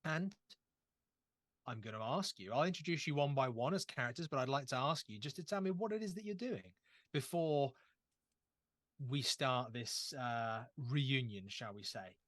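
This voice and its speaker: A man's voice: mid-range voice, expressive, normal speed, fairly bright tone, no room sound. A young man running a tabletop horror game as game master, chatty and self-deprecating as he sets the scene. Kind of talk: actual-play game narration.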